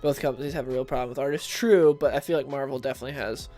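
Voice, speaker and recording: A man's voice: medium pitch, steady tone, very fast, a little mellow, soft background music. A man hosting a casual livestream about comics, chatting with viewers and reading recaps aloud. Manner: chatty, reads chat and recaps aloud, laughs at own jokes.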